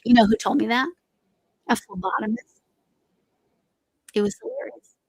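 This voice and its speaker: Gravelly-voiced chatty woman host. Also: on the high side, fairly even intonation, normal speed, no room sound, poor audio. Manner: rambling, chatty, trails off and restarts. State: voice slightly going. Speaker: crochet livestream host. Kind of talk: casual chat while crocheting.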